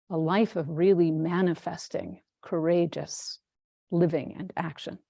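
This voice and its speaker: A woman with a fairly low voice delivers a dharma talk as a Zen teacher. She tells her story at an unhurried pace with gentle amusement. The sound is dry and close, with no room echo.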